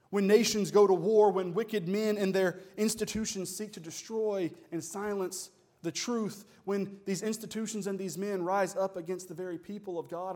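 Delivering a Sunday sermon, a male pastor's slightly high voice shifts from soft, careful lines to rising, powerful declarations. He preaches with dramatic swells and pauses, sprinkling in "y'all."

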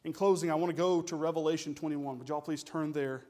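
A man delivers a Sunday sermon from the pulpit. His voice sits a little high and moves between quiet, deliberate phrases and rising, forceful declarations. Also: steady tone. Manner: preaching with dynamic swells and pauses, uses "y'all". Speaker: pastor.

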